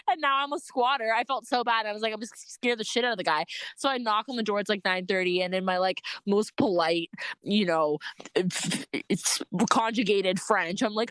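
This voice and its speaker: A young woman casually telling a story about her bike trip, animated, laughing often and filling her talk with "like". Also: medium pitch, normal speed, clean tone, no echo.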